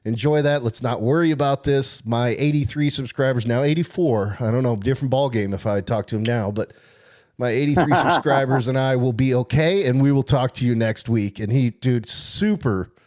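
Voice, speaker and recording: A man co-hosting a casual sports podcast, telling a long story in an excited, rambling way. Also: mid-range voice, moderate pace. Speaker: podcast co-host.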